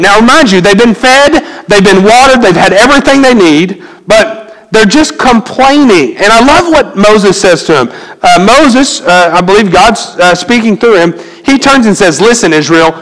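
In a hall full of reverb, a high-voiced, somewhat bright male pastor delivers his sermon in a conversational way, putting questions to the congregation.

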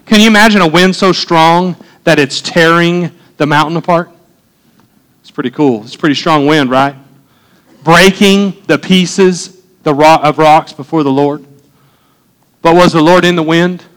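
A middle-aged man preaching a sermon as pastor, animated and conversational, with frequent asides. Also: a little high, a little slow, smooth, rough recording.

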